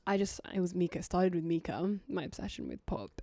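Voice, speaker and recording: A British woman and guest singer in casual chat, talking in a chatty, self-deprecating way with quick restarts. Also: lowish voice, very animated, mellow, dry recording.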